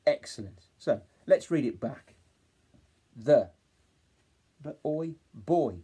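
A man with an English accent teaching a phonics lesson to young children, encouraging them and sounding out words slowly. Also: medium pitch, warm tone, slightly rough. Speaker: reception class teacher.

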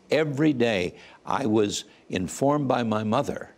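A man's voice: medium pitch, moderate pace, few pauses. A man in his eighties, a guest earnestly telling his life story and acting out the voices he quotes. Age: 80s. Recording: music playing under the voice. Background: soft music.

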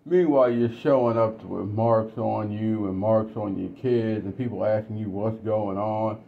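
Blunt low-voiced man telling stories. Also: unhurried, creaky. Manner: blunt, conversational. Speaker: commentator. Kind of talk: casual storytelling monologue. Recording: dull lo-fi recording.

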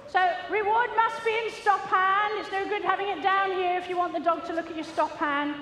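A woman's voice: very high voice, steady tone, a little fast, pushed and bright. A woman, a gundog trainer giving a chatty, jokey, self-mocking commentary during a live arena demonstration. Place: large indoor show arena. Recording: echoey hall with long reverb, faint noise.

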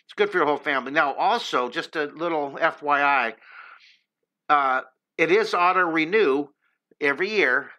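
A man's voice: on the high side, lively intonation, normal speed, bright, forceful tone. A middle-aged man hosting a live drawing lesson, chatting upbeat and encouraging with his viewers as he draws. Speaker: drawing teacher and host.

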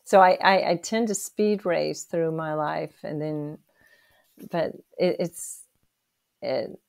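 Older lady in her 60s, low gravelly voice, earnest and emotional, lots of restarts. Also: slow. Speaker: interview guest. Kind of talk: personal testimony in an interview.

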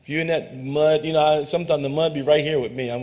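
A man's voice: a little high, fairly even intonation, fast talker, a little mellow. A man as a guest pastor preaching a sermon, fervent and emphatic with conversational asides. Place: church sanctuary.

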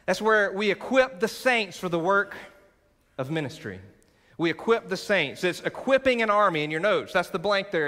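A man with a fairly high, pushed, bright voice preaches a sermon to his church as its pastor, building with rising emphasis and call-and-response moments. He's in a large church sanctuary, and the recording carries a long reverb.

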